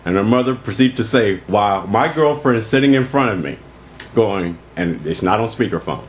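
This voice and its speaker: A man's voice: on the low side, moderate pace, slight background noise. A man co-hosting a morning talk show, telling stories with lots of laughter in casual banter. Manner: animated storyteller, laughs a lot.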